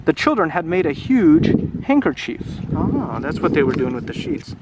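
A man with a higher-than-average, very animated voice reads a picture book to children beside the water at normal speed, pausing to chat and quiz them. He's an English teacher. The lo-fi outdoor audio carries loud wind.

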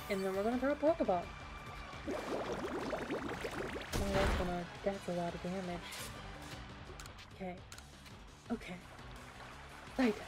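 Excitable woman streamer over game music. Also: mid-range voice. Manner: chatty, excitable, self-mocking. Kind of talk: casual game commentary.

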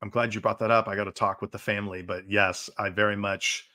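A man's voice: lowish voice, little pitch movement, fast talker, bright, forceful tone. A man speaking as a podcast guest in casual chat, talking with emphatic enthusiasm.

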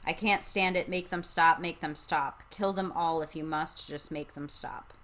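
A woman reading the quoted lines of an exhausted, frantic noble mother in a low, quiet voice, barely acting them. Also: steady tone, moderate pace. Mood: despairing. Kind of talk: reading quoted dialogue in a book discussion.

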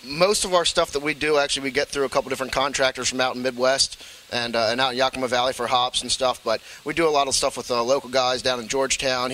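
A man's voice: medium pitch, a bit bright, a little hiss or hum, poor audio. A man who works as a brewmaster, answering interview questions at a brewery in a matter-of-fact, explanatory way.

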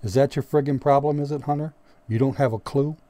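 A gruff, moody squad leader, as a male audiobook narrator voices him speaks with a dark, mellow tone. He sounds menacing and hard-nosed, and his voice climbs higher and louder when he starts shouting. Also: fairly even intonation, brisk, no room sound, natural voice. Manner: gruff, menacing, erupts into roars. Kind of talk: audiobook character voice.

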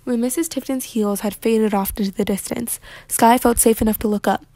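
A woman reading a children's novel aloud with lively, expressive narration. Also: a little high, a little fast, dry recording. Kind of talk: read-aloud storybook narration.

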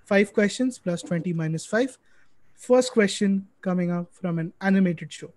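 A man hosting a live-streamed quiz, brisk and chatty, reading out names quickly over a video call mic. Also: sits high, a little mellow, no echo. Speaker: quiz host.

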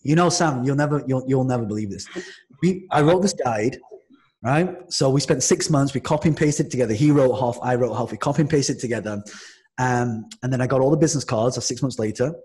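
A man from Manchester, a podcast guest, telling a lively story in casual conversation, with frequent restarts and acted-out quotes. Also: medium pitch, fairly quick. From Manchester, England.

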